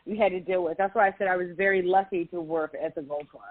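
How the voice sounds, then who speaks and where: Guest, woman in her 40s, Valley girl sound, lively raconteur, tinny phone-line audio. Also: fairly low pitch, quick pace. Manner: animated, laughing storyteller with a Valley girl way of talking. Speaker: podcast guest. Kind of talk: storytelling in a casual interview.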